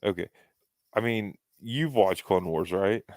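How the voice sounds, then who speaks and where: A man's voice: low voice, a little slow, darkish tone, no echo. A man co-hosting a casual podcast chat, rambling with many restarts as he makes his points. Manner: rambling, restarts often, fan opinions. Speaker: podcast co-host.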